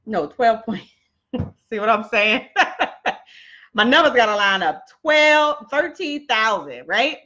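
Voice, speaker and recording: A woman's voice: fairly high pitch, lively intonation, takes it slowly, long pauses, bright, forceful tone, muffled recording. A woman coaching viewers on a casual live stream, chatty and laughing often, talking straight to her audience.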